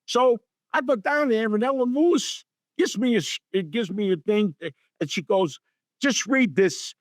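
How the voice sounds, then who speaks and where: A man's voice: high-pitched, normal speed, dry recording, clean studio sound. A middle-aged man, telling stories as a guest and acting out the people he quotes. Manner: animated storyteller acting out quotes in voices. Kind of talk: storytelling interview.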